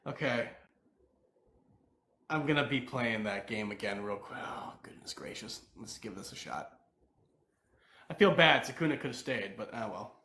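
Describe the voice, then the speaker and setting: A man's voice: mid-range voice, lively intonation, normal speed, long pauses, sharp tone, reverberant. A man hosting a live stream, chatting casually in a joking, sarcastic way. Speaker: livestream host. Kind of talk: casual chat.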